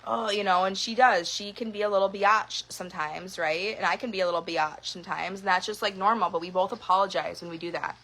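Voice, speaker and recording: A woman's voice: medium pitch, steady tone, brisk, hardly any pauses, fairly bright tone, low-quality recording. A young woman and mother in a casual personal monologue, frank and conversational, swearing now and then and leaning on fillers. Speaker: mother talking to camera.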